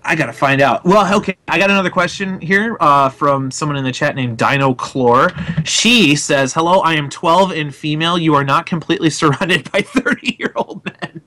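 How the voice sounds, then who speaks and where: A man's voice: on the high side, normal speed, bright, forceful tone. Chatty young man hosting a show. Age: 20s. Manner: chatty, laughs often. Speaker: podcast host. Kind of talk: casual chat.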